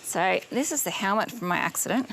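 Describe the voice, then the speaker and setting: A young Australian woman and goat breeder talking in a relaxed, matter-of-fact way outdoors on her farm. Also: mid-range voice, fairly quick, gravelly, a little hiss or hum, rough recording. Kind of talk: documentary interview on her farm. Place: outdoor farm paddock with goats.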